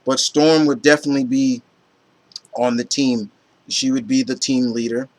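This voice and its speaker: A man chatting casually to camera in an excited, rambling way, with many fillers and restarts. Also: mid-range voice, moderate pace. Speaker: vlogger. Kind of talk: casual chat.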